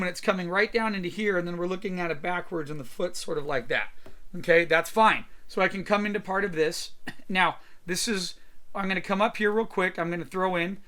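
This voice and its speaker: A man teaching a drawing lesson, talking casually through a screen-recorded demo and tossing in words like "boom" and "right?". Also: sharp tone. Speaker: drawing instructor. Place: at his computer.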